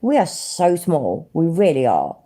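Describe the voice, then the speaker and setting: Low-voiced sarcastic British woman. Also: huge pitch swings, a little slow, warm tone. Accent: British English. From Britain. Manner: sarcastic, sweary ranting. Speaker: livestream host. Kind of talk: live commentary reacting to clips.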